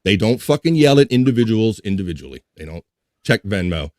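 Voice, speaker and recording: A man's voice: fairly low pitch, sing-song, a little fast, a little mellow, no room sound. Guy hosting a live podcast stream, cussing a lot and venting with laughs. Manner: profane, ranting, laughing while venting. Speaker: livestream podcast host. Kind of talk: casual livestream chat.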